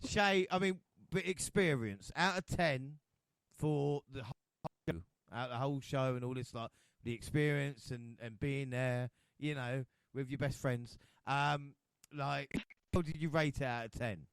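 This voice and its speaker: A man's voice: mid-range voice, a little slow, vocal fry, clean tone, no echo. A man hosting a podcast, loose and sweary, laughing as he acts out exasperated rants. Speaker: podcast host. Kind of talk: casual podcast chat.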